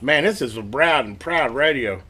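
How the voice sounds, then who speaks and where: A man hosting a radio repair video, chatting casually and excitedly to viewers as he tests and works at his home workbench. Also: medium pitch, moderate pace, breathy edge. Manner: excited, rambling, talks to viewers while working. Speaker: radio repair channel host. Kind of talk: casual hands-on workbench narration.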